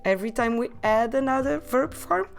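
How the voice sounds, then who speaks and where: A woman teaching a podcast language lesson, modelling words slowly and carefully and having listeners repeat after her. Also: fairly high pitch, animated, vocal fry, faint music behind. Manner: slow, careful pronunciation drills with repetition.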